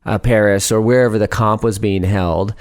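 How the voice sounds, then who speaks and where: A man's voice: lowish voice, steady tone, moderate pace, dry recording. Chatty man telling climbing stories, dry mic. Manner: chatty, laughs often, acts out quotes. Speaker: guest, speed climber. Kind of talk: casual storytelling interview.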